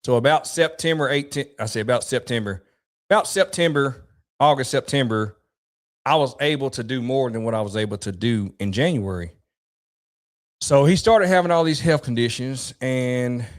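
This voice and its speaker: Man telling a hard personal story. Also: mid-range voice. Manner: reflective, halting, with many restarts. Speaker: vlogger.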